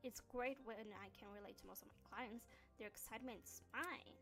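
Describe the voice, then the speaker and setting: A woman's voice: on the high side, moderate pace, gravelly, a bit bright. A woman voicing a proud, cheerful young female blacksmith in a put-on accent, over faint music. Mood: warm, chatty.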